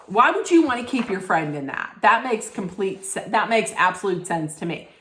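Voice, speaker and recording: A woman's voice: mid-range voice, animated, moderate pace, fairly bright tone, reverberant. A woman giving a snarky, blunt recap straight to her viewers, emphatic and sarcastic. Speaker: reality TV recap vlogger.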